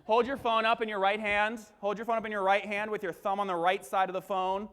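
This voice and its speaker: High-voiced man giving a punchy keynote. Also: little pitch movement, fairly quick, a bit bright, smooth. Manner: punchy, crowd-engaging, acts out webinar lines. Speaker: keynote speaker. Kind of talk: energetic conference keynote. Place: large conference hall. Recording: long hall reverb.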